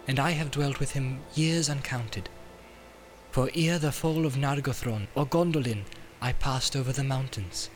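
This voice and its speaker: A man reading an audiobook, voicing an ancient, wise elf queen who speaks gravely and solemnly. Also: medium pitch, lightly acted.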